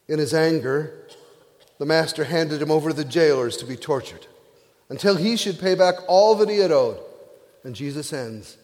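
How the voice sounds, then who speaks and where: A man's voice: on the high side, moderate pace, darkish tone, in a large hall. A male pastor preaching a sermon, retelling a parable with playful asides.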